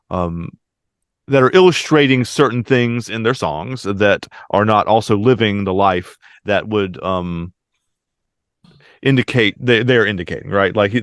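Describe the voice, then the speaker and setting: Low-voiced guy, thinks out loud and restarts a lot, dry close sound. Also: clear, resonant tone, dry recording. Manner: halting, restarts, thoughtful. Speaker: podcast co-host. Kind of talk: casual music discussion.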